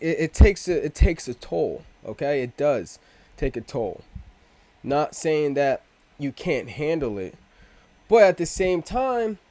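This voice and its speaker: A man's voice: fairly high pitch, a little mellow, no room sound. A man hosting a casual crypto video, rambling and swearing, often breaking off mid-thought with slang. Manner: rambling, profane, self-interrupting with slang. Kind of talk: casual rambling vlog talk.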